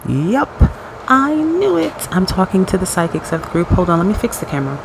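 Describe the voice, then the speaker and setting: A man giving a casual pick-a-card tarot reading at home at night, chatty and excitable, laughing often and restarting his sentences. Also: high voice, quick pace, noisy background. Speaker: tarot reader. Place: home at night in dim lighting.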